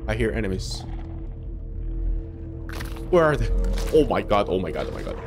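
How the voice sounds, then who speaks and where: Excitable young man with lively pitch. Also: normal speed. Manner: excitable, swears, jokey. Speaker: gaming streamer. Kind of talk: let's play commentary. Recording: music playing behind.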